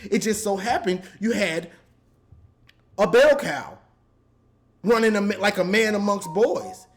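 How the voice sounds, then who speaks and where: Man, high voice, exasperated fan rant, repetitive, animated. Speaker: sports commentator. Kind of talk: ranting fan commentary.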